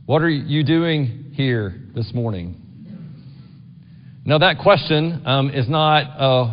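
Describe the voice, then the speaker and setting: A middle-aged man preaching a sermon in a church, talking conversationally and often asking the congregation "right?". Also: fairly high pitch. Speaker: pastor. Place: church sanctuary. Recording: dull long-reverb church recording.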